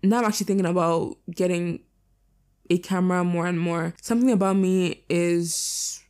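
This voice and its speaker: A teenage girl hosting her own podcast, talking casually and a bit hoarse, with lots of fillers and casual swearing. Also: fairly low pitch, steady tone, normal speed, a little mellow. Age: teens. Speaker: podcast host. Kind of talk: casual solo podcast chat. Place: lying down indoors.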